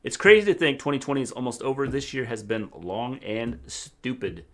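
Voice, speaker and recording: A man's voice: medium pitch, moderate pace, fairly bright tone. A middle-aged man with a Midwestern accent co-hosting a livestream, speaking in dry, matter-of-fact casual chat. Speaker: co-host, father.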